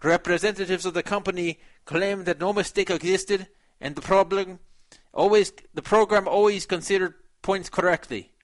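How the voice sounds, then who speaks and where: A man's voice: sits high, fairly even intonation, normal speed, pitched above the performer's own voice, close to an everyday voice. A man voicing a Russian male poker player, reading out his forum post in a Russian accent with stilted, broken English. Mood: indignant.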